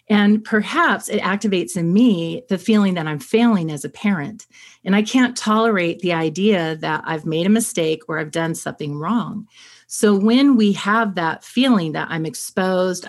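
A woman therapist explaining ideas in conversation, steady and clear, acting out quick examples. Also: lowish voice.

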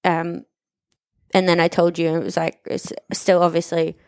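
A woman's voice: on the low side, monotone, moderate pace, a little mellow, dry recording. Woman chatting openly about her comeback, gets a bit emotional in the telling, dry close sound. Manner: candid, emotional, storytelling. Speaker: gym member telling her recovery story. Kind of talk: casual podcast conversation.

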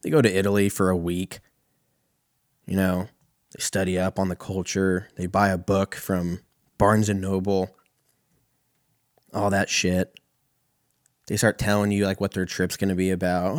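A young man from California telling a profane, animated stand-up story. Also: low voice, unhurried, pauses often, no echo, clean studio sound. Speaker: comedian.

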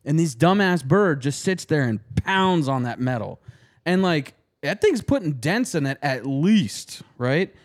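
Animated, profane male podcast host. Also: a little high, unhurried. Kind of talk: casual podcast chat.

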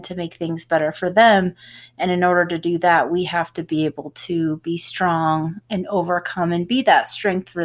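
Woman podcast co-host, nurse, low voice, chatty, rambling explanations. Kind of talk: casual podcast chat.

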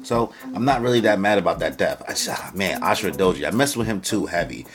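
A man's voice: low-pitched, animated, quick pace, crowd noise. A young man casually reviewing an anime chapter in a slangy, rambling way, often breaking into quoted voices.

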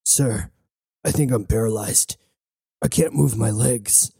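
A man voicing a badly wounded lieutenant who speaks quietly and weakly, resigned to his fate. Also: fairly low pitch, slow, creaky, breathy edge, no echo, heavily acted.

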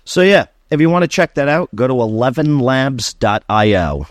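A man hosting a casual solo podcast, talking in an animated, sarcastic ranting way. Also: medium pitch, moderate pace, few pauses, no echo, studio quality. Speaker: podcast host.

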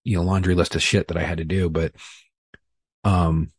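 Husky low-voiced man telling a story. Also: level tone, normal speed, no echo. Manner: profane, rambling, self-deprecating. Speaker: podcast guest. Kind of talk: casual storytelling.

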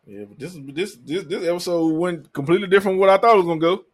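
A man with a Southern accent from Memphis, hosting a podcast and telling profane, animated stories in casual chat. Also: sits high, racing. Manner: animated storytelling, profane, laughs loudly. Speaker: podcast host.

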